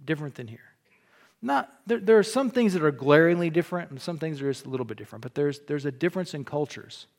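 A man's voice: a little high, fast. A middle-aged man from Illinois preaching a sermon in a church, telling stories with jokes and frequent restarts. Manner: folksy, joking, animated storytelling with repeated restarts. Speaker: pastor.

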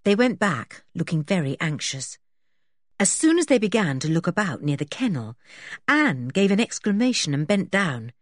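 A woman narrating a children's storybook in an expressive reading style. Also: on the low side, moderate pace, dry recording, clean studio sound. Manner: expressive, even-paced reading.

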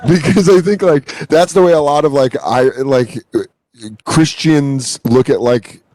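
A man's voice: a little high, unhurried, no room sound, poor audio. A man telling stories in casual podcast chat, acting out other people's voices and swearing freely. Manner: animated storyteller, acts out voices, swears freely. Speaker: podcast host.

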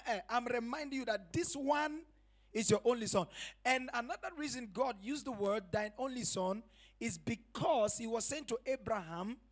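A man preaching a sermon as pastor, building to shouts on key phrases and hammering points home with repetition and rhetorical questions. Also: extremely high pitch.

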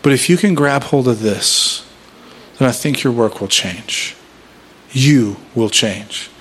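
A man in his thirties speaks to a workshop room in the easy cadence of a sermon. He tells stories about his family with self-deprecating humor and keeps asking his listeners questions. His voice sits at an ordinary middle pitch. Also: expressive, measured pace, a bit bright, a little hiss or hum. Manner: conversational, self-deprecating storytelling with rhetorical questions. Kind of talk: sermon-style talk.

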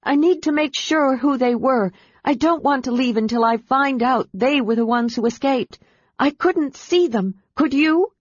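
A woman's voice: fairly high pitch, unhurried, dry recording, lo-fi sound, voice pushed up. A woman voicing a fierce, commanding woman warlord who rides a dragon, speaking sharply with a raised voice.

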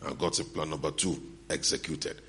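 A middle-aged male preacher with a low voice and a bright, forceful edge. He tells stories from the pulpit and acts out the lines of the people in them. He laughs now and then between lines. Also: fairly even intonation, moderate pace, slight background noise. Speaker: pastor. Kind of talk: sermon.

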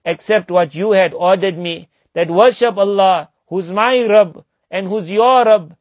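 A man giving a religious lesson, chanting verses rapidly and then explaining them slowly. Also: high voice, dry recording. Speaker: Islamic teacher. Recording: dull lo-fi recording, dry.

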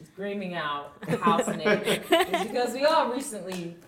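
A woman's voice: medium pitch, animated, unhurried, roomy sound, crowd noise. A woman co-hosting a casual podcast, swearing freely and laughing as she vents. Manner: exasperated, swears freely, laughs while venting. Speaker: podcast co-host.

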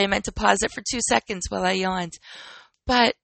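A woman's voice: medium pitch, steady tone, a little fast, vocal fry, fairly bright tone, dry recording, rough recording. A woman in her thirties hosting a solo podcast, talking candidly and asking her listeners questions, still recovering from an illness. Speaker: podcast host and personal trainer.

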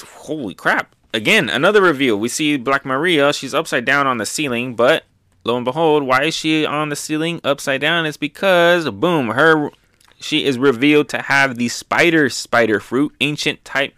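Hyped guy recapping manga, lots of ums and booms, dry room. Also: moderate pace, no room sound. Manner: excited, lots of fillers and "boom". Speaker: manga review host. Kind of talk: casual recap commentary.

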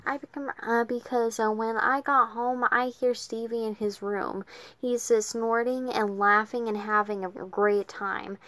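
A woman reads a novel aloud, stopping again and again with uhs, false starts and self-corrections. Her voice sits a little higher than most women's and keeps an uneven, unpolished rhythm. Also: steady tone, a bit bright. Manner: halting, filled with uhs and restarts. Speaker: reader.

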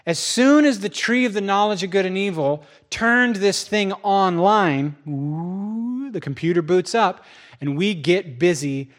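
A man preaching a sermon as pastor, telling stories in a lively way and jumping into other people's voices. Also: measured pace. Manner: lively storytelling, jumps into high voices for quotes.

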